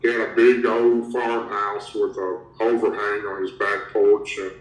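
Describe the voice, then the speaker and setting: Low-voiced man telling a story. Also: little pitch movement, measured pace. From Tennessee, USA. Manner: rambling, strings events together with "and". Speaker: guest recounting a creature encounter. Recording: roomy, distant from the mic.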